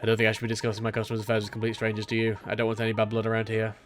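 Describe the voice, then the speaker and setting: A man's voice: fairly low pitch, monotone, racing, faint music behind, natural voice. A man putting on a prim old lady tailor. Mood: tight-lipped. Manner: prim and tight-lipped. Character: elderly female tailor shopkeeper, guarded and grumbling.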